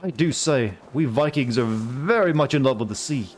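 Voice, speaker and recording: A man's voice: mid-range voice, animated, moderate pace, slight background noise, lightly acted. A man putting on a pompous posh-accented Viking. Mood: mock-grand. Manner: mock posh English accent, played as a joke. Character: pompous English-sounding male Viking.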